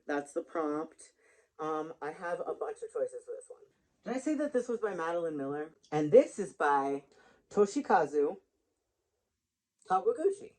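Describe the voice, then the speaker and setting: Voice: mid-range voice, dark tone, rough recording. Chatty book vlogger rambling to the camera, laughs at own jokes, just the camera mic. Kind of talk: casual book chat to camera. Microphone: built-in camera mic.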